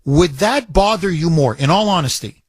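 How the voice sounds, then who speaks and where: A man's voice: fairly high pitch, lively intonation, normal speed, husky, no echo. A man hosting a talk radio call-in show, pressing his points with repetition and rhetorical questions. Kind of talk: talk radio, taking calls. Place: radio studio.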